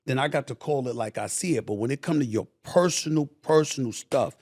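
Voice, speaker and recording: A middle-aged man, a sports commentator talking as a guest on a casual interview show, loud and passionate, driving his points home with emphasis. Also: medium pitch, a little fast. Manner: loud, passionate, emphatic storyteller who acts out past exchanges.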